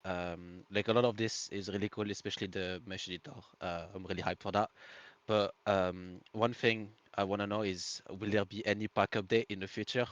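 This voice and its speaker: A man's voice: lowish voice, steady tone, a little fast, hardly any pauses, dry recording, dull audio. A man with a French accent asking an eager, casual question on a voice call. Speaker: audience member asking a question.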